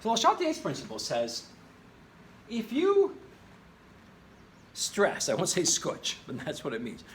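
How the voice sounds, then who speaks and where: A male chemistry teacher talks through a whiteboard lesson, recorded by a camera in his classroom. His slightly higher voice swings widely, and he keeps breaking into jokey high exclamations. Faint room noise sits under him.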